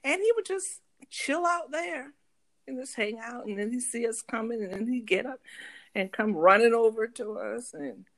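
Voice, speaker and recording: A woman with a Southern US country accent, co-hosting a podcast and telling a story in lively, casual chat. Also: on the high side, moderate pace, gravelly. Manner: animated, acts out voices in her stories. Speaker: podcast co-host.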